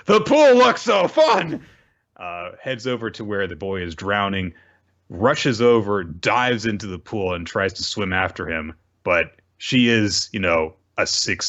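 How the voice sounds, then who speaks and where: A man's voice: deep voice, pushed and bright, lo-fi sound. A man co-hosting a podcast, casually recapping manga chapters in a rambling way, often correcting himself and adding asides.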